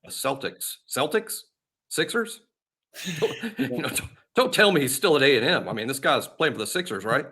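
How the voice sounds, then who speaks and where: Bright-voiced man in casual sports chat. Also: fairly high pitch, lively intonation, moderate pace, slightly rough.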